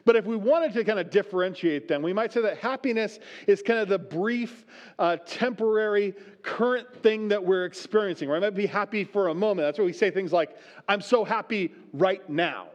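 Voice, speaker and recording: Male pastor, high voice, conversational sermon, reads scripture then explains, dull lo-fi recording. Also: fairly quick. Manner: conversational, often asks the room "right?".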